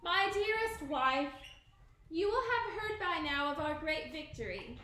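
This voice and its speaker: A woman's voice: very high voice, lively intonation, measured pace, sharp tone, slight background noise, heavily acted. A woman reading the part of an ambitious, uneasy warrior lord in a storybook telling, her voice in a roomy room. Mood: tender.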